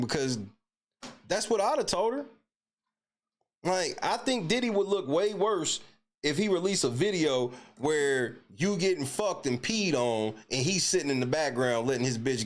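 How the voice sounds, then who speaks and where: A man hosting a livestream, giving blunt, profane casual commentary. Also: on the high side. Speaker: livestream host.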